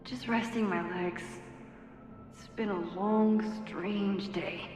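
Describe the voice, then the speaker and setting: A quiet, introspective young woman from a story game, voiced by an actress, musing to herself in a soft, level voice. Her lines carry a long reverb with faint music underneath. Mid-pitched and unhurried. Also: fairly even intonation, natural voice. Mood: wry. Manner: soft, introspective inner monologue. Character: thoughtful young woman, shaken and wondering. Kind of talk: game character narration.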